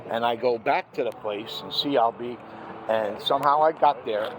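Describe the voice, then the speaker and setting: An older man, ranting angrily in a monologue and clearing his throat often. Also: mid-range voice, moderate pace. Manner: angry, rambling, repeats "what happens is this". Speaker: vlogger. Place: outdoors by a street. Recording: outdoor street noise.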